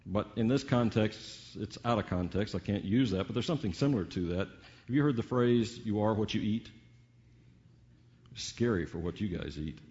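An older man preaching a sermon with dramatic swings between booming peaks and hushed asides, full of rhetorical questions. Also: moderate pace, highs cut off.

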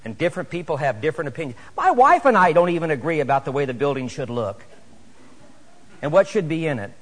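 A middle-aged man preaching a sermon to his church, animated and rising to emphatic exhortation. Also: a little high, fast talker. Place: church sanctuary. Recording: echoey church hall.

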